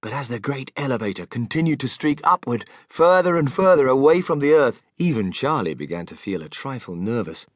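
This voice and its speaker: A man narrating a children's audiobook in an animated, expressive storytelling manner, close to the microphone. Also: medium pitch, fairly quick, few pauses, no echo. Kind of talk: scripted narration.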